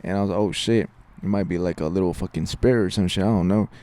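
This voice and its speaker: A man's voice: low-pitched, steady tone, fast, warm tone. A young man casually telling a spooky story on a podcast, slangy and profane, tossing in "fool" every few words. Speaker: podcast co-host.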